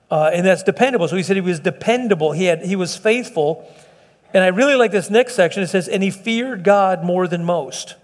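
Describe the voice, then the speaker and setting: A middle-aged man preaching to his church in an earnest, pleading way, often restarting his sentences. His voice sits a little high for a man. It rings with the long echo of a large sanctuary. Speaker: pastor. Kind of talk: sermon.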